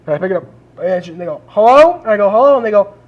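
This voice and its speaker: Through narrow, tinny audio, a high-voiced man co-hosting a podcast races through a story. His retelling is casual, profane and animated, with the characters quoted in their own voices.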